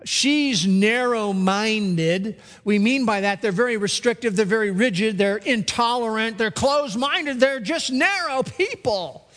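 A man with a high voice delivers a sermon at a slow, deliberate pace. He now and then acts out comic voices for the people in his stories. His words ring out with the long reverb of a large church hall. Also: a bit bright. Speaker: pastor.

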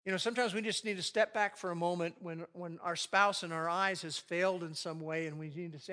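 A man's voice: high voice, steady tone, fairly quick, few pauses, pushed and bright. A man preaching a sermon on marriage to a live audience, acting out quoted arguments with animation. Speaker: pastor leading a marriage session.

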